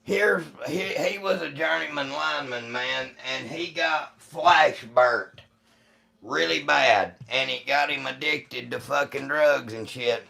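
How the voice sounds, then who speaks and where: A man from the United States hosts a live stream and rambles through a profane story for his chat. His voice is heavily gravelly, with a bright, forceful edge, and he takes his time. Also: fairly high pitch, takes it slowly. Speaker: livestream host.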